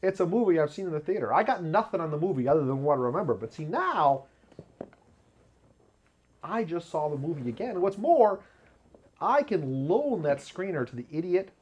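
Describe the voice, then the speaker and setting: A man's voice: normal speed, slightly rough, muffled recording. Guy doing his own show, rambly and jokey, voice jumps way up when he quotes people. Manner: rambling, self-mocking, laughs at own jokes; lively pitch jumps when acting out quotes. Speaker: video show host. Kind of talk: casual comedic monologue. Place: home studio with black curtain behind.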